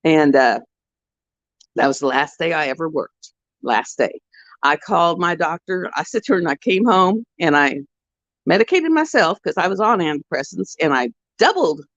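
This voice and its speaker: A woman's voice: sits low, lively intonation, normal speed, fairly bright tone, dry recording. A woman hosting a livestream, chatting casually with her viewers in a rambling, heartfelt storytelling way. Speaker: livestream host. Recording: dull, dry lo-fi sound.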